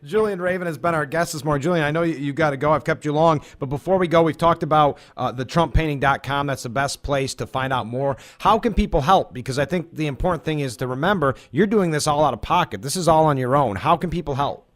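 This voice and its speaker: A man hosting a radio interview from the studio, wrapping up with brisk, short prompts. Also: a little high, fairly bright tone. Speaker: radio host.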